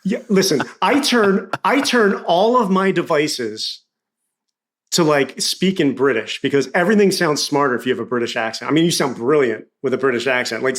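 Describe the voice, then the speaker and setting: A man with a Philadelphia accent, a podcast guest telling stories in casual conversation and acting out quoted dialogue. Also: a little high. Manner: animated storyteller, acts out quoted dialogue.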